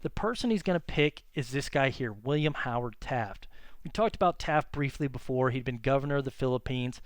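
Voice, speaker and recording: A male history teacher giving a conversational classroom lecture, full of fillers and quick self-corrections. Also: medium pitch, lively intonation, dry recording.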